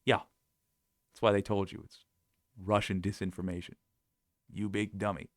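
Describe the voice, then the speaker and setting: A man's voice: lowish voice, little pitch movement, normal speed, dry recording, studio quality. A man hosting political commentary, reading quotes aloud and mocking them in a sarcastic, scoffing way. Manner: sarcastic, scoffing, frequent laughs.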